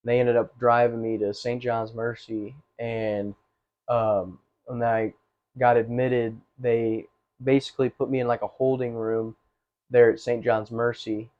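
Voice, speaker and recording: A man telling his life story with earnest, halting speech, full of restarts and fillers. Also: mid-range voice, little pitch movement. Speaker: testimony guest. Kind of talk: personal testimony, casual storytelling. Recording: slightly dull, muffled recording.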